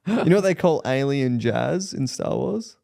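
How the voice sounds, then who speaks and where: A young man with an Australian accent and a gravelly, fry-edged voice. He rambles through anecdotes in relaxed podcast chat, swearing freely and breaking into laughter. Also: mid-range voice, moderate pace. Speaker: podcast co-host. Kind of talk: casual comedy podcast chat.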